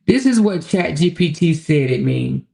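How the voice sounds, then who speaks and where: Woman, livestream commentary host, lively swooping voice, animated, exclamatory, chatty. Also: deep voice, normal speed, creaky. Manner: animated, exclamatory, talks straight to viewers; reads viewer comments aloud.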